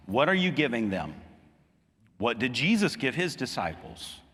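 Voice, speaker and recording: A man preaching a sermon as a pastor, earnest, climbing higher and louder when he drives a point home. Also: very animated, measured pace, breathy edge, big-room sound. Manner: earnest preaching, rising emphatically on key points.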